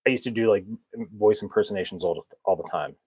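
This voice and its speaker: A man's voice: lowish voice, fast talker, darkish tone, slightly rough, dry recording, poor audio. A man hosting a casual podcast chat, rambling from one story to the next, chuckling often and poking fun at himself. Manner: rambling, chuckles often, self-mocking humor. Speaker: podcast host.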